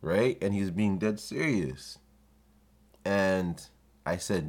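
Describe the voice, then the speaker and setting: A young adult man hosting a podcast, telling comic stories in a profane, animated way and acting out the people he quotes. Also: sits low, slow pace. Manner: profane, animated, acts out quoted voices with laughs. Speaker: podcast host. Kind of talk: comedic storytelling monologue.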